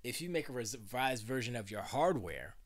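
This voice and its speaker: A man's voice: medium pitch, sing-song, brisk. A self-described old man hosting a live stream from his home studio, chatting and rambling with many restarts. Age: older. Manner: rambling, full of restarts and playful voices. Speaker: livestream host. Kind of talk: casual livestream chat.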